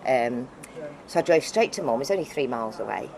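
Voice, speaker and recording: A middle-aged woman telling a personal story as an interview guest, heartfelt and halting, often restarting her sentences. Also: rumbling low, lively intonation, gravelly, a little mellow, slight background noise, poor audio. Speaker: interview guest, foundation founder.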